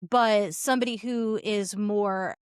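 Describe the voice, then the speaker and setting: A woman's voice: medium pitch, slow, smooth, no echo, studio quality. Chatty woman podcast host. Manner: chatty, laughs often, animated asides. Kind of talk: casual chat.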